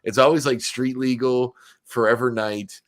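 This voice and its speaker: A man's voice: medium pitch, fairly even intonation, dry recording. A man from Nova Scotia hosting a podcast interview, chatting enthusiastically. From Nova Scotia, Canada. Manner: enthusiastic and conversational, listing shows quickly. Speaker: podcast host. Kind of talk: casual interview chat.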